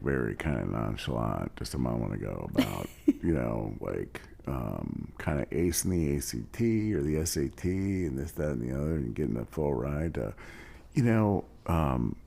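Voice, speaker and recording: A man from Ohio hosting a podcast, talking in a rambling, hesitant way with lots of shout-outs. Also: a bass voice, very animated, moderate pace, creaky, husky. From Ohio, USA. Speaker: podcast host. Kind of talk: casual interview chat.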